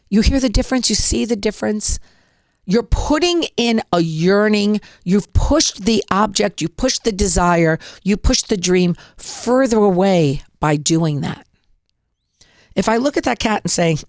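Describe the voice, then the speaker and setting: An upbeat woman hosts a casual how-to talk in a motivational tone and acts out little examples as she goes. Her voice sits at a middle pitch and sounds dry and close, with no room around it. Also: expressive, normal speed, no room sound. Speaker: podcast host.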